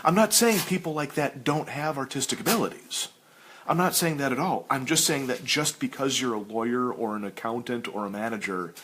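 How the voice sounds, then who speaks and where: A man hosting a casual chat while sketching, ranting with animated stammered restarts. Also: medium pitch, a little hiss or hum.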